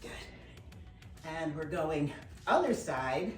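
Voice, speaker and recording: A woman's voice: low-pitched, sing-song, slow. A middle-aged woman fitness instructor, slightly out of breath, cueing form and counting reps during a dumbbell workout. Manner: encouraging, counts reps and cues form while exercising. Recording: roomy, from a distance, with faint music.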